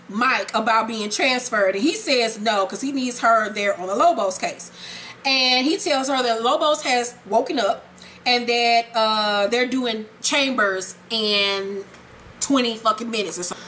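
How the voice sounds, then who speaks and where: A woman's voice: fairly high pitch, bright, forceful tone, a little hiss or hum. A woman giving a blunt, casual recap of a TV episode, swearing freely and commenting as she goes. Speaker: TV recap vlogger.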